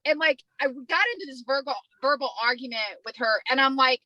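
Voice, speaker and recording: A woman casually telling a story on a podcast, animated and profane, acting out the people in it. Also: sits high, a little fast, few pauses, no echo, low-quality recording.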